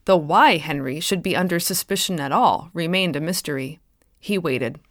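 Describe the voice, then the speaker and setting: A woman author reading her own short story aloud in a measured, expressive way, close to the mic. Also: low voice, no room sound.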